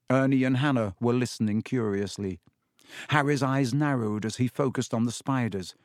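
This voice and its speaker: A man narrating an audiobook in an even, measured storytelling manner. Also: mid-range voice, no echo, studio quality.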